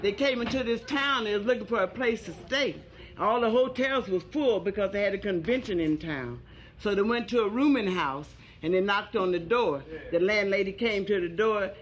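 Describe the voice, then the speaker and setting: A woman's voice: mid-range voice, normal speed, lo-fi sound, some chatter behind. A woman stand-up comedian telling bawdy jokes in an earthy, sassy manner. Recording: live club recording with loud audience. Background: audience laughing.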